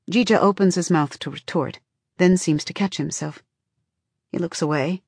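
A woman narrating an audiobook in a measured, close storytelling voice. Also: low-pitched, darkish tone, no echo. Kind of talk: scripted narration.

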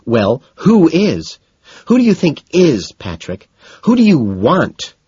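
A man's voice: medium pitch, big pitch swings, moderate pace, breathy edge, dry recording, pitched above the performer's own voice. A man reading aloud and voicing a petulant, dismissive young socialite woman in a storybook, heard on a slightly dull recording. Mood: shrill. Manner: dismissive and indignant.

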